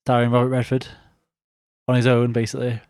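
Teasing podcast co-host. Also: male voice, mid-range voice, monotone, a little fast, darkish tone, clean tone, no room sound, clean studio sound. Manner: teasing, laid-back. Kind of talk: casual chat.

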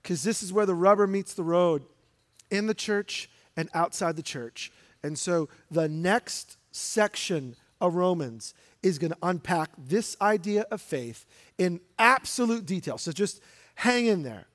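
A man's voice: high voice, animated, a little slow. A man, a pastor, preaching a sermon in an emphatic, direct way and putting questions to the congregation. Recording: long hall reverb.

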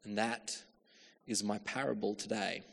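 A man preaching a sermon, telling a story and acting out quotes, from hushed asides up to loud calls. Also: fairly low pitch, fairly even intonation, unhurried, gravelly, long reverb tail. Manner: storytelling with acted-out quotes, shifts from hushed to calling out.

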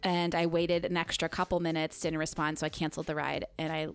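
A woman in casual podcast chat, telling a story with animated quoted voices and frequent laughs. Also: sits low, fast talker, smooth, faint music behind.

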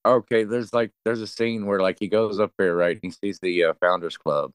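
A man's voice: on the low side, a little fast, smooth, no room sound. A man chatting casually about a movie, rambling and profane as he retells scenes with plenty of fillers. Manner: rambling, profane, animated storyteller. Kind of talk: casual movie recap chat.

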